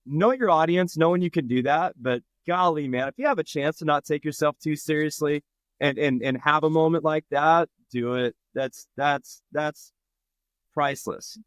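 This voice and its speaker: A man from Nebraska tells a story with an animated, casual delivery and slips into quick voices for the people in it. His voice sits a little high. The podcast mic is close and dry, with no room sound. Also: clear, resonant tone, no room sound. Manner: animated, acts out quoted voices. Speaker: firefighter guest.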